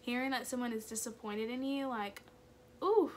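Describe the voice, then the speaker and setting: A young woman telling a personal story in a chatty, animated way, full of "like"s. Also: fairly high pitch, normal speed, slight background noise. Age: young adult. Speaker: vlogger.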